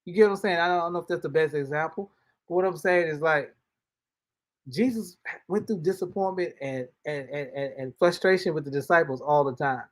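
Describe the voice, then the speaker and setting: A man's voice: on the high side, fairly quick. A man hosting a casual spoken devotional, talking in a colloquial, folksy way and often repeating and restarting his words. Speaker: host and motivational speaker.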